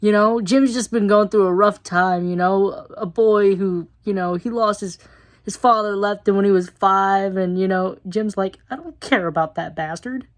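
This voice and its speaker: A woman's voice: medium pitch, fairly even intonation, normal speed. A woman giving a casual, chatty episode review. She uses lots of fillers and laughs now and then.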